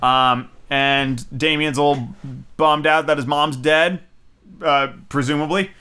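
A young man giving a casual, rambling movie review, excitable and full of fillers and swearing. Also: a little high, measured pace, clear, resonant tone.

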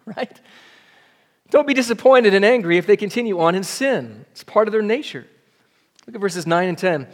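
A man's voice: high-pitched, animated, moderate pace, pauses often. A man preaching a sermon as pastor, conversational and often asking the congregation "right?". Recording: long reverb of a church hall.

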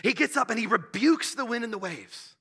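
A man preaching a sermon, telling the story with animated bursts and hushed asides. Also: extremely high pitch, fairly quick, gravelly, slightly rough. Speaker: pastor.

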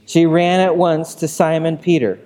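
A man's voice: fairly high pitch, little pitch movement, normal speed, dark tone. A man preaching a sermon in a casual, conversational way, often asking his listeners questions. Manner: conversational, asks the room questions. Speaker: pastor.

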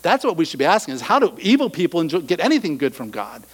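A middle-aged male pastor preaching a sermon, animated, acting out quoted voices and dropping to soft asides. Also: a little high, fast talker, husky, rough recording.

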